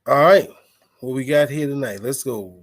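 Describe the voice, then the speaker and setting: A man's voice: mid-range voice, moderate pace. A man from the Washington DC area hosting a podcast in loose, profane, hyped-up casual chat. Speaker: podcast host.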